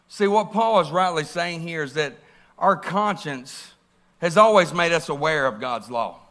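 A man preaches a sermon in a church, lively and questioning, often turning to the congregation. His voice sits high and has a bright, forward ring. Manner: animated, asks the congregation questions.

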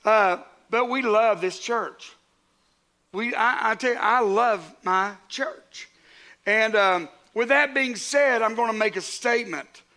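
A man's voice: high-pitched, slow pace, pushed and bright. A man, a pastor preaching a sermon to his congregation in a conversational way, with asides to the crowd.

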